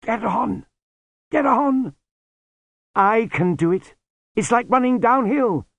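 Man voicing an earnest young apprentice, shaken, high, dry sound. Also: lively intonation, a little slow, a bit bright, no room sound, muffled recording. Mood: determined.

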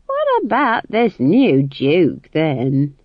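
A woman's voice: lowish voice, wildly swooping pitch, drawn-out words, no echo, voice pushed up, exaggerated voice. A woman voicing a chatty, mischievous old female witch with rustic, folksy grammar. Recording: dull dry studio read.

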